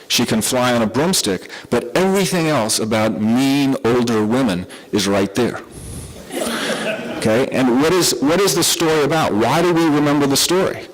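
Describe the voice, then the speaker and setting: A middle-aged man with a Southern American accent lectures to a conference audience at a medium pitch. He keeps it conversational, with fillers and restarts as he goes. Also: rough recording. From southern United States. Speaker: conference speaker.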